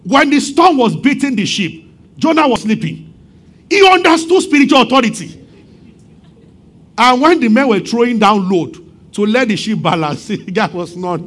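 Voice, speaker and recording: A pastor with a very high voice preaches in an animated storytelling way. He acts out the voices of the people in his story and laughs often between lines. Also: normal speed, pauses often. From Nigeria. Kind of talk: sermon.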